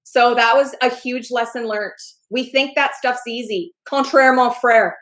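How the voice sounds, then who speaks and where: Lively, laughing woman telling a story. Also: a little high, a little slow, rough recording. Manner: animated, laughing, acts out voices. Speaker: podcast guest. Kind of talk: casual storytelling.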